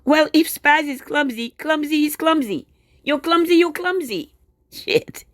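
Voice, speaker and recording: A woman's voice: high voice, unhurried, no room sound. A woman delivering a casual, indignant monologue straight to her viewers, full of sarcastic asides. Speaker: video blogger.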